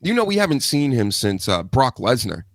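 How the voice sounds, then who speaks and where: Male live-show host, mid-pitched, loose and profane, dry close sound. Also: sing-song, moderate pace, no echo. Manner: loose, joking, swears casually. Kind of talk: casual live show chat.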